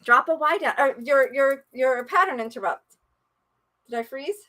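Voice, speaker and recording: A woman's voice: high voice, moderate pace, bright, forceful tone. A woman life coach leading a live-streamed coaching session, playful and encouraging in a chatty way.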